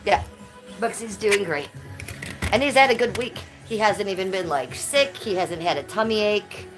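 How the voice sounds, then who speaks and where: Music plays behind this medium-pitched woman from Cleveland, US, who talks at a moderate pace. She's casually livestreaming at home from a phone in her hand, stepping out into the cold and reading chat aloud in a blunt, sweary, jokey way.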